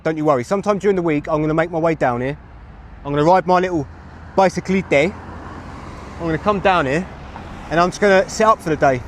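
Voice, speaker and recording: A man in his thirties, livestreaming outdoors to his chat, rambling and chatty as he talks on a phone mic. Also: on the high side. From England. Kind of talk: live street streaming to chat. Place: outdoors on a street with traffic. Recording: street traffic noise behind.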